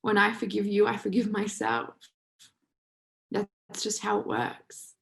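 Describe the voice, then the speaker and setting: A woman's voice: mid-range voice, lively intonation, a little slow, creaky, a bit bright, rough recording. A woman hosting a live online session, telling stories in an emphatic, casual way with some swearing. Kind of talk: motivational storytelling talk.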